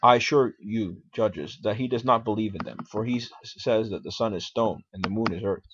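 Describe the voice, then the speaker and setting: A man's voice: on the low side, normal speed, background noise, close to an everyday voice. A man voicing a blunt male accuser in court, with curt, insistent answers in a dramatic reading on a dull lo-fi recording.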